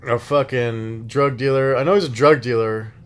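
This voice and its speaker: A man's voice: medium pitch, steady tone, normal speed. A man hosting a podcast, chatting casually in a laid-back, rambling way and laughing often. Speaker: podcast host. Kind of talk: casual chat.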